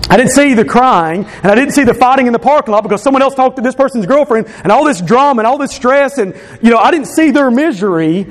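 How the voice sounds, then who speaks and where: High-voiced man giving an earnest testimony. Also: expressive, fast talker, hardly any pauses. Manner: earnest, repeats phrases for emphasis. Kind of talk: personal testimony.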